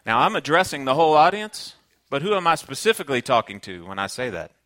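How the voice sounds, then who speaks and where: Bright-voiced Southern man preaching. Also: medium pitch, big pitch swings, fast talker, no echo. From Kentucky, United States. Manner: earnest, conversational preaching with personal stories. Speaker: pastor. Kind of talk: sermon.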